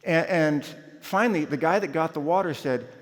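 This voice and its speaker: A man telling a lively personal story as a chapel speaker, acting out his own shouts along the way. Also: fairly high pitch, normal speed. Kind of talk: storytelling sermon. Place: large university chapel. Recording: long hall reverb.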